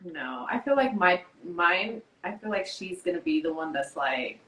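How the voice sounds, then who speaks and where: A woman's voice: fairly low pitch, expressive, moderate pace, pushed and bright, reverberant, slight background noise, poor audio. A woman hosting a casual chat, mixing English and Spanish as she talks. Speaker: podcast host.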